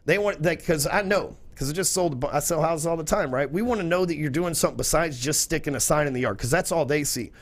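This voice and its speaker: A man's voice: a little high, quick pace, few pauses. A man, a podcast guest talking in a blunt, profane, salesy way. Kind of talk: casual chat.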